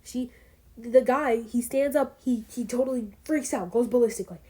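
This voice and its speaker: A woman's voice: a little high, normal speed, warm tone, breathy edge. Chatty teenage girl telling a story. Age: teens. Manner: chatty, rambling, full of fillers and asides. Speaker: vlogger. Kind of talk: casual storytime vlog.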